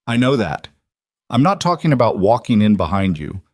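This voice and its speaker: A man voicing a calm, guarded middle-aged protector in an audiobook, speaking flatly and without inflection. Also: fairly low pitch, no echo, clean studio sound. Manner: flat, measured, unemotional. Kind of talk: audiobook character voice.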